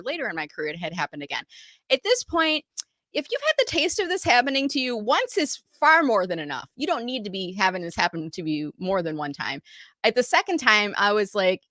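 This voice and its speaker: Middle-aged woman, business owner, animated storyteller; bright tone, dry close sound. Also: medium pitch, no room sound. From United States. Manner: animated storytelling, acting out quoted dialogue. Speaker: marketing business owner telling her career story. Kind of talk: live online talk.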